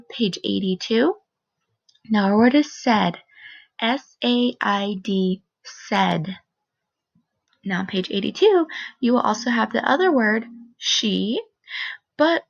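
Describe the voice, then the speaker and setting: A woman teaching a first grade phonics lesson on video, speaking slowly and clearly in an encouraging teacher voice. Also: medium pitch. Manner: slow, clear, encouraging teacher talk with modeled expression. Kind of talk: recorded phonics lesson for children. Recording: dull, lo-fi sound.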